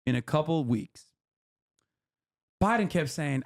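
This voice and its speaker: A male streamer explaining politics in a heated, animated, profane way. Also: a little high, moderate pace.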